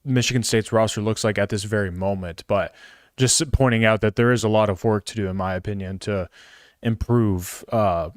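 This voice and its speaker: A man's voice: lowish voice, moderate pace, dry recording, clean studio sound. A man co-hosting a casual sports talk show, hedging his opinions. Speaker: co-host.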